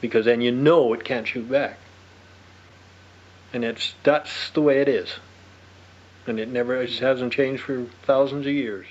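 A man's voice: mid-range voice, steady tone, unhurried, long pauses. Older man, veteran, emphatic, repeats himself, dull lo-fi audio. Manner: emphatic, repeating his point. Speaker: war veteran interviewee. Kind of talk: recollection in interview. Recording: muffled lo-fi radio recording.

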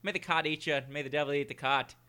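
A man's voice: a little high, steady tone, fast talker, pushed and bright, clean tone. A man putting on a playful Irish accent as a podcast host. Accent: put-on Irish.

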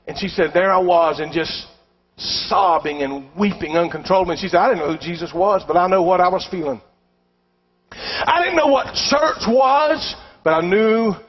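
Male pastor, high voice, dynamic storyteller who drops low and then builds to shouts; dull lo-fi church recording. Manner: storytelling preacher, swings from hushed to shouting. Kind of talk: sermon.

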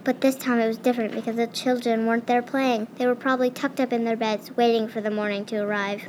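A woman reading a children's story aloud, a little halting with small slips. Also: fairly high pitch, little pitch movement, darkish tone, slight background noise, rough recording. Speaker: reader.

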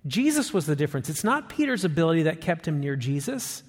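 A man preaching a sermon as pastor, emphatic, rising on his questions and dropping low and soft for quotes. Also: sing-song, quick pace, breathy edge, big-room sound.

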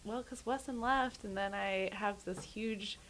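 Museum-educator woman, relaxed chat, laughing storyteller. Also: mid-range voice, unhurried, slight background noise. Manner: laughing storyteller with quoted voices. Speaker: podcast guest, museum educator. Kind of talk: casual chat.

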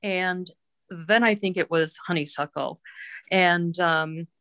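A woman, a former show singer, being interviewed and reminiscing in an unhurried, warm way. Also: on the low side, no echo. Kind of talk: casual podcast interview.

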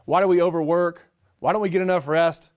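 A middle-aged man preaching a sermon, energetic, with rhetorical questions and repeated phrases. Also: sits high, a little fast. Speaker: pastor.

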